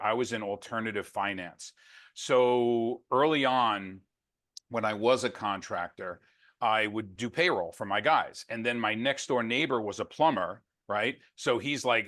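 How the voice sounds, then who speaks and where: A man's voice: mid-range voice, a bit bright. A man being interviewed on a podcast, telling stories about his career with wisecracking, self-deprecating humor. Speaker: guest, network marketer. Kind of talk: casual interview chat.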